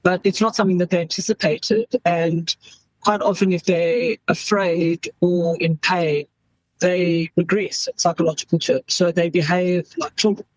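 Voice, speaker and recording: A South African woman in her fifties, an emergency doctor, talks candidly in an interview and acts out the voices of people she quotes. Her voice is on the low side and darkish, with fairly even intonation and a moderate pace. There's no room sound, but the recording is rough.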